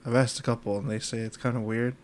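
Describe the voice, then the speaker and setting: A laid-back man with a North Country New York accent swaps crude jokes in relaxed banter. His voice sits at an ordinary middle pitch for a man. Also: fast talker. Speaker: podcast co-host. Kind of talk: casual chat.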